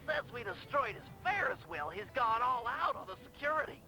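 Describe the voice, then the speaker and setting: A man's voice: very high-pitched, sing-song, brisk, sharp tone, heavily acted, poor audio. An actor voicing a brainy, nerdy male turtle planner in a game, briefing in a precise, fussy way. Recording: game audio with faint music.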